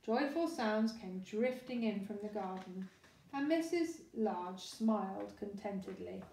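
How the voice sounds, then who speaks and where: A woman storyteller reading a children's storybook aloud in a lively, expressive way, with a distant, echoey sound. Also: mid-range voice, a little slow, gravelly, a little hiss or hum. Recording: roomy echo, distant mic.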